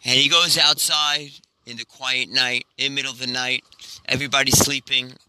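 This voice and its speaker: A rabbi telling an inspirational story in an animated way, with a lot of repetition. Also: male voice, mid-range voice, normal speed, heavy background noise.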